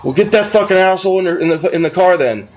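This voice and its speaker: A man's voice: sits high, fast talker, a little hiss or hum. A young man, a podcast co-host, telling a long drunken-night story in casual, profane speech and acting out the quotes. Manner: profane, animated anecdote with acted-out quotes.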